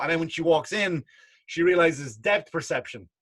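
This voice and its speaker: A man's voice: a little high, fairly quick, a bit bright. A male comedian co-hosting a podcast from a basement home studio, ranting in casual, profane chat.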